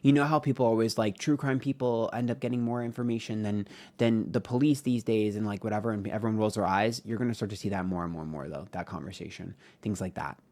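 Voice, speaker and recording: A man's voice: on the low side, fairly even intonation, fast talker, hardly any pauses, darkish tone. A man giving a casual tarot reading on camera. He talks in a frank, rambling way, swearing often and using many fillers. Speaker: tarot reader.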